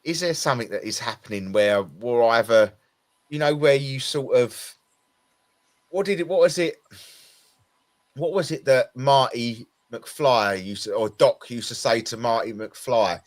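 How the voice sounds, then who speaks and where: Man, Essex accent, tired, rambling, restarts a lot, casual chat. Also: mid-range voice. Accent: Essex English. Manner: rambling, halting, many restarts. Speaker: podcast co-host. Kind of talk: casual conversation.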